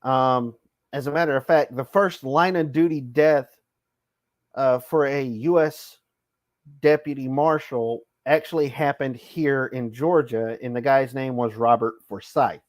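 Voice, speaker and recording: A man from the American South hosting a casual livestream chat. He talks in a relaxed way, with many pauses and fillers. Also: medium pitch, no echo. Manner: relaxed, chatty, lots of ums. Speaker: host.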